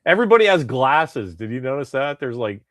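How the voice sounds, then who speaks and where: A man co-hosting a podcast in casual chat, chatty and animated. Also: mid-range voice, fairly quick, no echo, studio quality. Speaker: podcast co-host.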